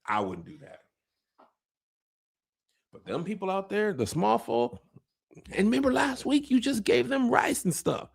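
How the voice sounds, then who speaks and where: A man's voice: high-pitched, big pitch swings, measured pace, vocal fry, long pauses, breathy edge, voice pushed up, full character voice. A man voicing a whiny, dim young male dragon rider who sulks and fawns in a raised voice. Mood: fawning. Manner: whiny, sulking, fawning.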